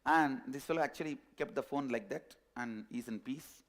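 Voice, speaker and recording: A man telling a parable as a spiritual teacher, animated and repetitive. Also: mid-range voice, normal speed, crowd noise. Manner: animated storytelling, repetitive phrasing. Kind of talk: storytelling sermon.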